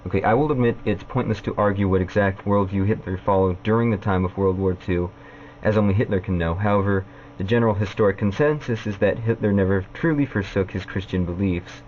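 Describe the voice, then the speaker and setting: A man vlogging a point-by-point rebuttal, halting and full of "uh" fillers. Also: fairly low pitch, highs cut off, a little hiss or hum. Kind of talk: casual vlog rebuttal.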